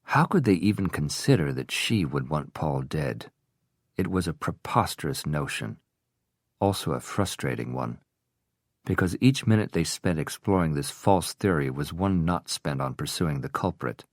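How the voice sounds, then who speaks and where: Very deep-voiced male audiobook narrator. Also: lively intonation, normal speed, dry recording, clean studio sound.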